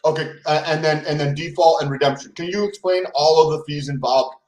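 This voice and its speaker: A man hosting an interview, asking halting, friendly questions with plenty of fillers. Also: a little high, steady tone, a little mellow, roomy sound, low-quality recording. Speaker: host interviewing a guest. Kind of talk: casual interview.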